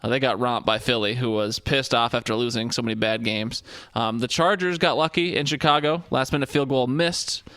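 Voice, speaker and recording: A man's voice: medium pitch, fairly quick, a bit bright, no room sound. A man with a mid-range voice talks through football recaps on a casual podcast, rambling and loose with plenty of fillers. His voice sounds close and dry, with no room sound around it. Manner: rambling, filler-heavy, joking. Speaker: podcast co-host. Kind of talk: casual sports chat.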